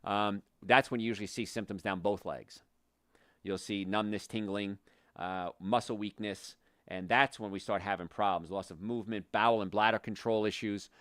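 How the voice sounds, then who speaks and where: A man with a low voice hosts a health talk show as a chiropractor, speaking with blunt, passionate conviction. He gets heated and then settles back into plain explanation. The recording is dry and close, with no room sound. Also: normal speed, dry recording. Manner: passionate, opinionated, gets worked up then calms down.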